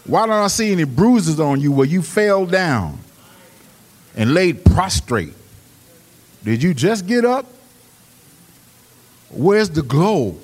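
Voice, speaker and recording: A man preaching a sermon. He swings between hushed, quick storytelling and loud, rising exhortation. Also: on the high side, very animated, long reverb tail. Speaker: pastor. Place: church.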